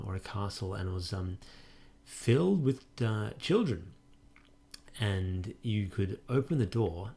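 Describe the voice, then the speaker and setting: A man's voice: on the low side, a little mellow. A man hosting a let's play, casually commenting on a game and reading its prompts aloud with wry musing.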